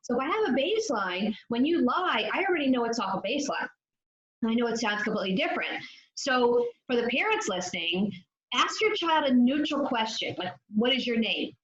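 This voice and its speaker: A woman's voice: fairly high pitch, big pitch swings, a little fast. A woman guest on a podcast, explaining addiction with confidence. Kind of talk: podcast interview. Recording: echoey room, dull lo-fi sound.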